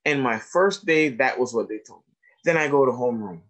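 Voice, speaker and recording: A man's voice: medium pitch, a little fast, rough recording. A man giving a lecture to teachers, telling stories and acting out the dialogue. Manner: animated storyteller acting out dialogue. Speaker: educator giving a talk on trauma.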